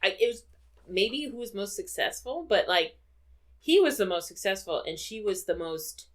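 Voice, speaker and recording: A woman's voice: mid-range voice, lively intonation, normal speed. A woman co-hosting a podcast, chatting casually about a film with many fillers and frequent laughter. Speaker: podcast co-host.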